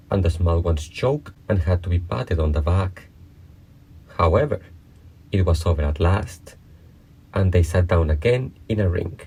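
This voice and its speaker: A man reads a storybook aloud in a measured, even way. His voice sits very low and carries a husky, slightly rough edge. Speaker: narrator.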